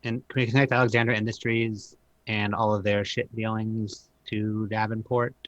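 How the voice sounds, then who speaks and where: A man's voice: fairly low pitch, flat delivery, a bit bright, no echo, dull audio. Man player, dry mic, inquisitive, trips over his own words. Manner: quick, questioning, stumbling restarts. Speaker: tabletop game player. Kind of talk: casual in-character banter.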